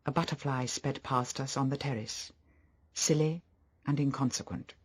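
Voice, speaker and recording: A man reading a novel aloud as audiobook narration, steady and even. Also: mid-range voice, normal speed, breathy edge. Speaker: audiobook reader. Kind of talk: scripted narration.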